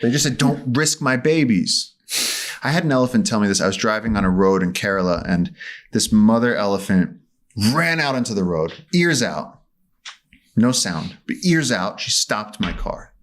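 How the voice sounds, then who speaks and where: Low-voiced man telling vivid stories. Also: lively intonation, normal speed. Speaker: podcast guest. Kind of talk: animated storytelling in conversation. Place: studio.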